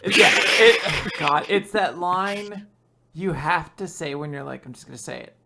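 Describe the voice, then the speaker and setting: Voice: medium pitch, moderate pace, gravelly, bright, forceful tone, a little hiss or hum. A podcast co-host chatting casually about a manga chapter, sarcastic and swearing freely. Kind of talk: casual manga recap chat.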